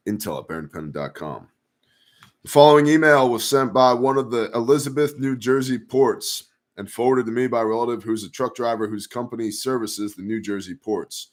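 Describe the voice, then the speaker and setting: A man's voice: medium pitch, normal speed. A man hosting a casual news commentary show, talking in a sarcastic, profane, conspiratorial way and reading viewer emails.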